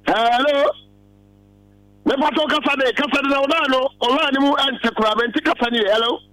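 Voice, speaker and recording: High-voiced Ghanaian man hosting a lotto call-in. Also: steady tone, bright, forceful tone, rough recording. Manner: chatty, repeats phone number slowly, greets callers. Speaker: lotto tipster show host. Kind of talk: casual call-in talk.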